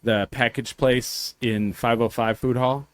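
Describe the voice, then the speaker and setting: A man's voice: medium pitch, steady tone, a little slow, smooth, no room sound. Profane rambling man telling bar stories. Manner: rambling, profane, acts out quotes in voices. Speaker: podcast host. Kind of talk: casual chat, storytelling.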